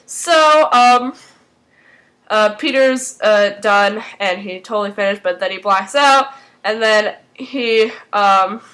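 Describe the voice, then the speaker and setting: A woman giving a casual spoken recap of a TV episode, rambling with lots of fillers and restarts and turning animated and emotional as she reacts. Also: medium pitch, slow, rough recording. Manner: animated and emotional, swinging between excitement and mock dismay. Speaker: fan recap vlogger.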